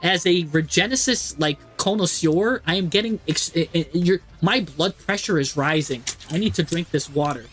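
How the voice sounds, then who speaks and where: Exasperated high-voiced man commentating a game. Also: normal speed, hardly any pauses, soft background music. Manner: exasperated, animated, talks to the screen. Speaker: streamer commentating a card game.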